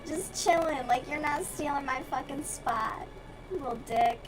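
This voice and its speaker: A woman's voice: sits high, unhurried, over music, poor audio. A young woman from the US South chatting casually and bluntly with her stream viewers while she crochets, with plenty of swearing.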